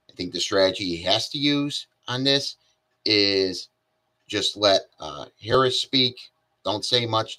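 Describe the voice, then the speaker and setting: A man giving casual political commentary alone, halting often with fillers and restarts. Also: low-pitched, bright, forceful tone. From Connecticut.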